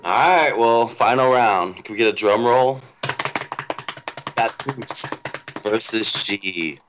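A man co-hosting a casual chat, with a somewhat low voice and a laid-back, slangy way of talking. He runs the show's segments in an easygoing tone. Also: takes it slowly, a bit bright, slight background noise. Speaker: podcast co-host.

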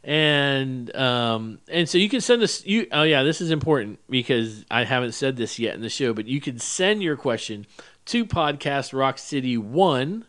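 A man's voice: mid-range voice, animated, moderate pace, fairly bright tone. A man hosting a casual podcast, rambling and laughing through his stories. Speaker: podcast host.

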